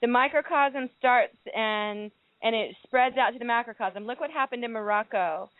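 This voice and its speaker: A woman's voice: a little high, moderate pace, no room sound. A woman hosting a call-in radio show, bubbly and affectionate, laughing often. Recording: phone-like call-in audio.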